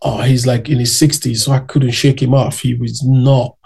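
Gravelly, mellow-toned man telling stories. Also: medium pitch, normal speed. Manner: animated, acts out quoted people's voices. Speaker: interview guest. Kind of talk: casual anecdotal storytelling.

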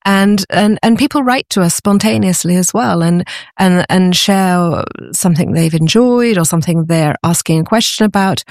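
A woman's voice: lowish voice, moderate pace, a little mellow, no echo, studio quality. A woman, a podcast guest, talking about her antiques business in an enthusiastic, conversational way and often restarting her phrases. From Britain. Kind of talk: conversational interview.

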